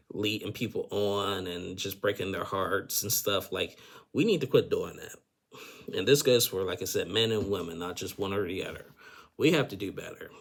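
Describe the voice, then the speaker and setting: Man, low gravelly voice, casual rambling commentary, lots of fillers. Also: fairly bright tone. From United States. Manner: rambling, heavy use of filler phrases. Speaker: reality TV recap vlogger.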